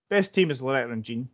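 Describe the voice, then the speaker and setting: A man's voice: mid-range voice, fairly bright tone. A man co-hosting a casual film podcast, reading out a list hesitantly with fillers. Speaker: podcast co-host. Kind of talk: casual chat.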